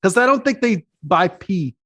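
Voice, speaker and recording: A man's voice: sits high, expressive, moderate pace, bright, forceful tone. A man hosting a podcast in loose, joking casual chat, full of fillers and swearing. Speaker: podcast host.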